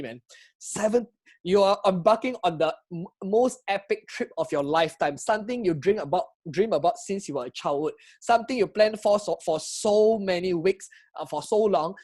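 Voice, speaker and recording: A man with a Singaporean English accent, telling a travel story to camera in an excitable, chatty way and asking his viewers questions. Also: high-pitched. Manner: excitable, chatty, asks viewers questions, frequent laughs and restarts. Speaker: travel vlogger. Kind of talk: animated personal storytelling to camera.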